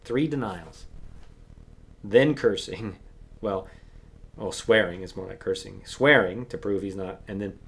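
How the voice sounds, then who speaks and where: A man preaching a sermon as pastor, acting out Bible voices and swinging between loud emphasis and hushed asides. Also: fairly low pitch, measured pace, creaky, pauses often.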